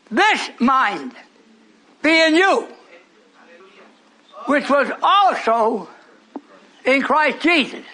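A man in his eighties preaching a sermon, scolding and rambling, breaking into shouts at his congregation. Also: very high voice. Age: 80s. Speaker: pastor.

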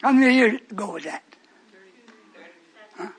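A man's voice: sits high, animated, moderate pace, a bit bright, slightly rough. An older man preaching a fervent, rambling radio sermon to his congregation in a church hall, breaking off into stories.

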